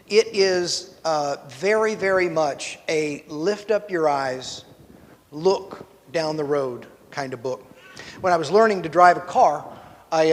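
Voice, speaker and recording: A man's voice: fairly high pitch, long reverb tail. A man from rural Missouri teaching a Bible class in a church, telling personal stories with self-deprecating asides and building to preachy emphasis. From rural Missouri, USA.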